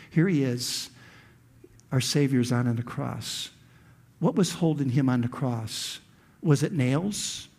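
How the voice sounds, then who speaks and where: A man preaching a sermon as pastor, impassioned, with rhetorical questions and dramatic pauses that build to loud peaks. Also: mid-range voice.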